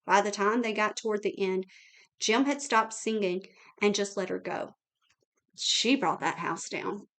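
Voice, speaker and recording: A woman's voice: medium pitch, unhurried, a bit bright. A woman reading the chatty, admiring recollections of a young woman about her friend.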